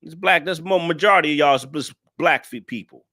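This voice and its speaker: A man's voice: fairly high pitch, brisk, pushed and bright. A man hosting a reaction video, talking in blunt, profane, ranting commentary and scolding his viewers. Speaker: male content creator reacting to a video.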